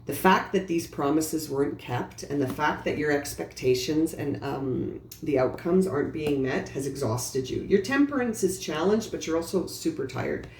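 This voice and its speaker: A woman's voice: low voice, moderate pace, few pauses. A woman giving an earnest, reassuring tarot reading, speaking directly to the listener in a casual way. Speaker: tarot reader. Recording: roomy echo with faint background noise.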